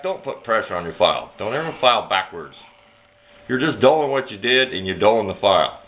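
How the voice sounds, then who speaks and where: Man, lowish voice, folksy how-to demo, tinny lo-fi camera sound with a faint hiss. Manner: folksy, plain-spoken, instructive. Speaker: DIY video maker. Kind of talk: casual how-to demonstration.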